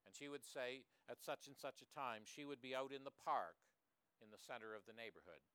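Male preacher, mid pitch, earnest sermon delivery with rhetorical questions, clear voice. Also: fairly quick, bright, forceful tone, no echo.

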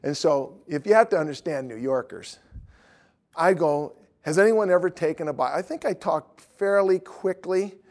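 Middle-aged male evangelist, slightly high voice, tells animated stories from the pulpit. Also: normal speed. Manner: lively storytelling, acts out dialogue. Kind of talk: anecdotal preaching.

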